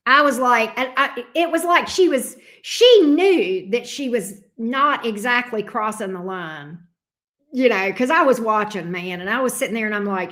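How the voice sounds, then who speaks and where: A middle-aged tarot reader chats on her livestream, reading viewers' comments with blunt, sassy, foul-mouthed candor. Her fairly high, fairly bright voice has lively intonation and moves at a normal speed.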